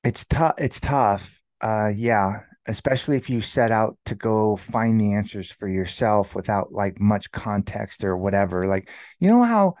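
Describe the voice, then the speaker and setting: A man in his thirties with a lowish voice, recorded dry and close. He tells his own story in a rambling way, leaning on fillers like "like" and "you know". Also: lively intonation, measured pace, few pauses, a little mellow, no room sound. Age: 30s. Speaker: interview guest. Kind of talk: candid personal storytelling.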